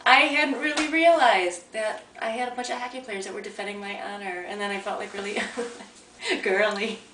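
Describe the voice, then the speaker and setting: A woman tells a personal story in a loose, chatty way, circling back and restarting her sentences as she goes. She sits a little away from the mic, so her voice carries a roomy echo. Her pitch sits in the middle range for a woman. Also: steady tone, moderate pace, slight background noise. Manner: chatty, rambling, with many restarts. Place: at home, near a coffee maker. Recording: roomy sound from a distant mic.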